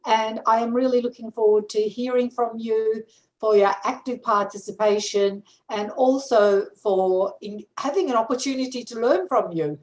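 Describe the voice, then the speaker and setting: A middle-aged woman professor giving a courteous, measured self-introduction on an online course. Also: on the high side, darkish tone, reverberant, poor audio.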